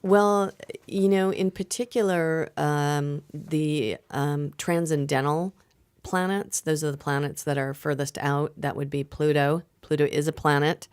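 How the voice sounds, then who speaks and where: A woman's voice: low voice, steady tone, measured pace, hardly any pauses, a little mellow, clean tone. A woman astrologer explaining in casual podcast chat, chatty with many fillers and frequent laughs. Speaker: astrologer guest.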